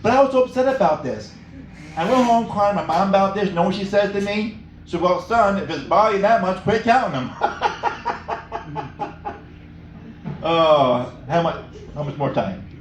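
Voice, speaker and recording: A man's voice: high voice, animated, normal speed, slight background noise. A middle-aged man doing a stand-up comedy set in a small cafe, rambling and laughing at his own jokes. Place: small cafe stage with live audience. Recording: echoey room, mic from far off.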